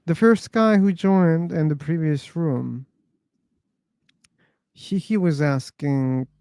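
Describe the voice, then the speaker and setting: Slow, dark-voiced rambling chat host. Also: male voice, fairly high pitch, no echo, studio quality. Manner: rambling, laughing, swearing storyteller. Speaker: host of an online voice-chat room. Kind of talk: casual chat.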